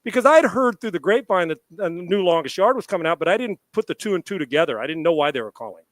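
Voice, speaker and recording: A middle-aged man with a fairly high speaking voice spins a lively anecdote on a sports talk show. He acts out both sides of the conversation and swears freely. The sound is dry and close, with no room echo. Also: fast. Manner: animated anecdote-telling with quoted dialogue and profanity. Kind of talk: casual storytelling on a live sports show.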